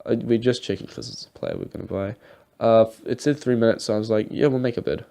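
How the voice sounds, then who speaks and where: A man's voice: mid-range voice, quick pace, gravelly, dark tone. A young man giving rambling, casual commentary over his football game footage, swearing now and then. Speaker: gaming YouTuber.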